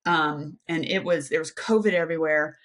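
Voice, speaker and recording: A woman's voice: deep voice, moderate pace, a bit bright. A woman in her fifties from the United States, a podcast guest telling her life story with energy, talking at length in long flowing runs. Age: 50s. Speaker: guest, aerospace engineer and adventure athlete. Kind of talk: animated personal storytelling.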